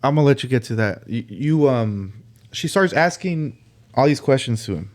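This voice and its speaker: A man's voice: medium pitch, expressive, moderate pace, a little mellow. A man co-hosting a podcast, laid-back and casual, chiming in often with short agreements. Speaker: podcast co-host. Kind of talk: casual chat.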